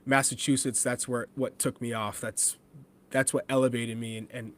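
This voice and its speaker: A man from New Hampshire who is a former pro soccer forward, talking as a podcast guest in a casual, animated way and quoting himself as he tells stories. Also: medium pitch, moderate pace. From New Hampshire, USA. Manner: animated storyteller, laughs often, quotes himself. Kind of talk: casual podcast chat, storytelling.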